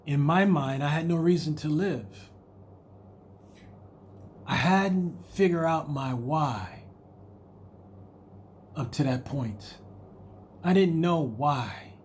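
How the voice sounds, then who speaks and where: With slight background noise behind him, a motivational video host speaks in a fairly high voice. Through his monologue he keeps pressing the same emphatic rhetorical questions and opens up about his personal struggles.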